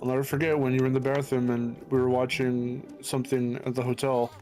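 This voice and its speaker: A man's voice: medium pitch, little pitch movement, a little fast, dark tone. A man co-hosting a gameplay stream, rambling casually, swearing and laughing often, with faint music behind. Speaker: co-host.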